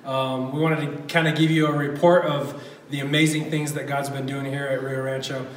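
Casual young-sounding pastor in echoey hall. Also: male voice, medium pitch, level tone, normal speed, slight background noise. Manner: casual, enthusiastic, many fillers. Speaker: campus pastor. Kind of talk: church report. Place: church hall. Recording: echoey room from a distance.

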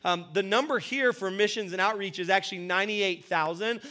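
Male pastor, high and clear, upbeat and celebratory, chatty congregational meeting delivery. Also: fairly quick, sharp tone. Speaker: senior pastor. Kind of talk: church business meeting address.

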